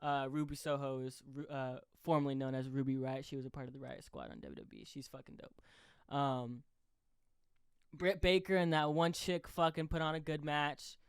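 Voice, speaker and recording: A young man hosting a podcast, chatting excitedly, swearing constantly and yelling when he relives big moments. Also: mid-range voice, moderate pace, clean tone, no echo, studio quality. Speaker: podcast host. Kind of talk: excited casual chat.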